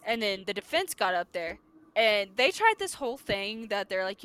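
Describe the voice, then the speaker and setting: A young adult woman hosting a podcast, recapping a TV episode in casual chat and acting out the characters with lively energy. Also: medium pitch, smooth. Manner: animated, acts out characters' lines in quick bursts. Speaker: podcast host.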